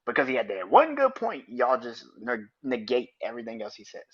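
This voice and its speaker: A man hosting a solo podcast, ranting in a profane, animated and emphatic way. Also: mid-range voice, brisk, breathy edge, muffled recording. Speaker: podcast host. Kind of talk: opinionated solo podcast rant.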